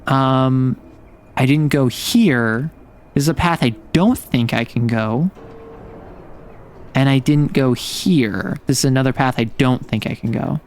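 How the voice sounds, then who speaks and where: A man's voice: mid-range voice, slow, slight background noise. A man streaming a game and talking through it in a playful, chatty way, reacting to everything with big, exaggerated responses. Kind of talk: casual game commentary.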